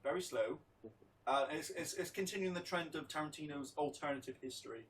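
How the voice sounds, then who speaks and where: A man's voice: a little high, brisk, a bit bright. A young man co-hosting a podcast in casual chat. He rambles, trails off and restarts his sentences. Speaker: podcast co-host. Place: hot room, lying down away from the mic. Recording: distant mic with faint ambient noise.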